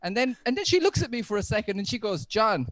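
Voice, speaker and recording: A man's voice: very high voice, big pitch swings, fast talker, slight background noise. A man performing a stand-up comedy set from home over a video call. He chats along and laughs at his own jokes.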